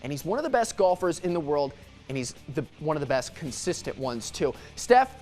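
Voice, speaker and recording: A young man co-hosting a sports debate show, playful and quick to joke while making his case. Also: fairly high pitch, faint music behind. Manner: animated, playful, laughs and jokes.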